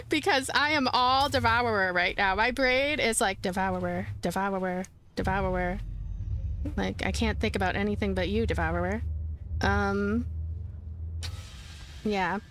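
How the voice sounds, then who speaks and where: A woman's voice: medium pitch, a bit bright. A woman playing a horror game, chatting casually to her viewers and shrieking and giggling when startled. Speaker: let's play host. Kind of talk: casual gameplay commentary.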